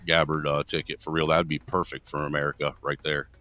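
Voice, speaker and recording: Deep-voiced blunt man, swearing. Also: little pitch movement, a little fast, pushed and bright, faint music behind. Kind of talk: crude voice-chat banter.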